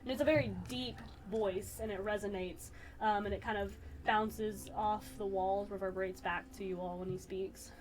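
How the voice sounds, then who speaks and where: A woman narrating a tabletop game as game master, rambling and pausing with fillers. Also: medium pitch, fairly even intonation, a little mellow, a little hiss or hum, low-quality recording.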